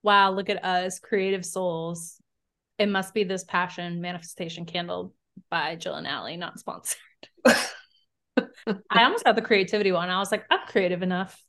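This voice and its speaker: A woman's voice: fairly low pitch, moderate pace, pushed and bright. A woman co-hosting a casual podcast, joking around and laughing often between her lines. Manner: playful, laughs often, jokes in a mock alien voice. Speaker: podcast co-host. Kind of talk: casual chat.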